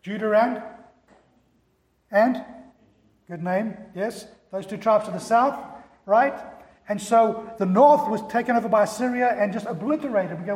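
A male pastor preaching a sermon with animated storytelling. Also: high-pitched, moderate pace, reverberant, in a large hall.

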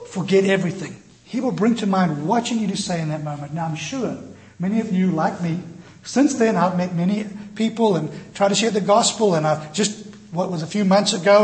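A male pastor preaching a sermon, telling a personal story in an animated, self-deprecating way and acting out the voices in it. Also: high voice, fairly quick. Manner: animated, self-deprecating, acts out quoted dialogue. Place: church.

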